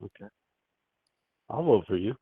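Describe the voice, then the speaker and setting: A man from the United States phones into a show and rambles in a crude, laid-back way, dropping lots of fillers. His voice is fairly low, husky and expressive, at a measured pace with no echo, over a tinny phone line.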